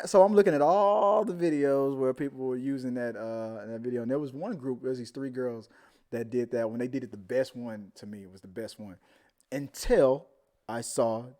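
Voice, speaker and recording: A man's voice: medium pitch, moderate pace, warm tone. A man hosting a live movie talk stream, chatting casually with viewers and telling a rambling story.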